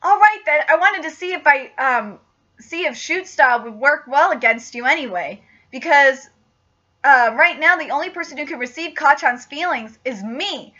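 An earnest, determined teenage boy hero from a manga, read aloud by a woman. The voice is high and bright, and the resolute lines come through a dull lo-fi recording. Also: lively intonation, normal speed.

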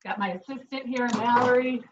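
This cooking demo comes from a woman chef instructor with a Chicago accent, working in her home kitchen and chatting through each step with frequent "um" and "right?". Her fairly high voice holds a steady tone at a fairly quick pace, captured from a distance with highs cut off and slight background noise.

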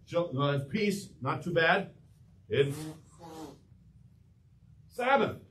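A man's voice: a little high, very animated, very slow, a bit bright, slight background noise. Male pastor preaching from a distance. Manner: asks the congregation questions and lets them answer. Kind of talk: sermon. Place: church sanctuary.

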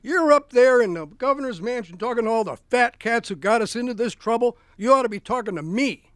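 A man voicing a brash, indignant male populist politician who scolds loudly. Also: extremely high pitch, expressive, fairly quick, clean tone, dry recording, clean studio sound, pitched above the performer's own voice. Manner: loud, scolding, hectoring.

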